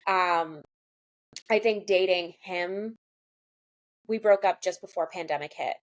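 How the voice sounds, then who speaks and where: A woman's voice: on the low side, slow pace. A woman in her thirties, a podcast guest, chatting casually and openly, peppering her talk with "like" and the odd swear word. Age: 30s. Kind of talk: casual chat.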